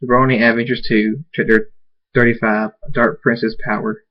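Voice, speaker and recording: A man's voice: medium pitch, little pitch movement, moderate pace. A man reading a fan story aloud in a plain voice, sometimes stumbling and restarting words. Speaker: reader. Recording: dull lo-fi recording.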